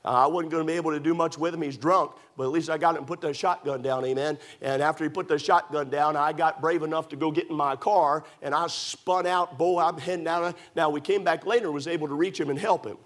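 A man's voice: a little high, steady tone, quick pace, hardly any pauses, fairly bright tone. A man preaching a sermon, building with emphatic rhetorical questions and storytelling. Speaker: pastor.

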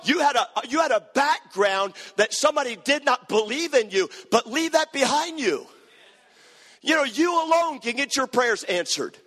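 Man, pastor, sermon, sing-song shouting cadence, bright tone, long hall reverb. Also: very high voice, expressive, moderate pace.

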